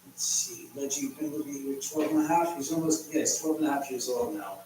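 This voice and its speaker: A man's voice: fairly high pitch, huge pitch swings, a little fast, dark tone, slight background noise. A man hosting a casual livestream, chatty and rambling as he reads viewer comments while cooking in his home kitchen. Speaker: livestream host. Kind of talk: casual live chat. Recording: echoey room from far off, faint ambience.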